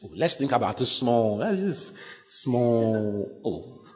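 A man's voice: medium pitch, sing-song, slow pace, long reverb tail, lo-fi sound. A man voicing a sly male devil who coaxes and plays things down. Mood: wheedling. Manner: wheedling, coaxing, playing things down.

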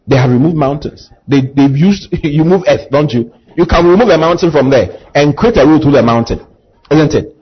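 A man's voice: fairly high pitch, normal speed, husky, muffled recording. A male pastor preaching a sermon, asking the congregation to repeat after him and building to impassioned emphasis. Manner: call-and-response preaching, rising to impassioned emphasis.

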